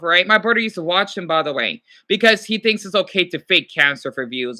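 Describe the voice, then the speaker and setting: A man talks on a casual livestream in a high, very bright and tense voice. He rambles, swears and keeps apologizing. He answers his chat directly. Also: lively intonation, fairly quick, few pauses. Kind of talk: casual livestream chat, reading viewer comments.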